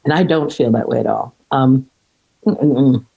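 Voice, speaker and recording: A middle-aged woman in a reflective conversation, speaking earnestly and haltingly, with many restarts and fillers. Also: extremely low pitch, gravelly, warm tone, breathy edge, lo-fi sound. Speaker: podcast guest.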